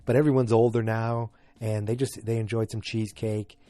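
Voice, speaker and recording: Mellow-voiced man recapping a show. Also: lowish voice, flat delivery, no room sound. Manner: rambling, halting, many fillers and restarts. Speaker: podcast host. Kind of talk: casual episode recap.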